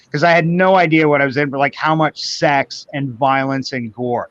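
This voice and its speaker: A man's voice: on the high side, a little fast, few pauses, fairly bright tone. Casting note: Canadian man, fifties, easygoing rambling storyteller, slightly muffled lo-fi audio. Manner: rambling anecdotal storyteller, quotes others in voices. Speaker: guest. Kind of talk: casual chat, storytelling. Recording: dull lo-fi sound.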